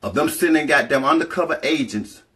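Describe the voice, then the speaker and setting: A woman telling a personal story in a casual vlog, animated and profane, talking straight to her viewers. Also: low-pitched, a little fast.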